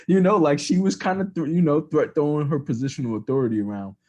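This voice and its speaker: A man's voice: on the high side, fast talker, a little mellow, muffled recording. A man co-hosting a podcast, talking casually and rambling, with lots of fillers. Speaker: podcast co-host. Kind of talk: casual political chat.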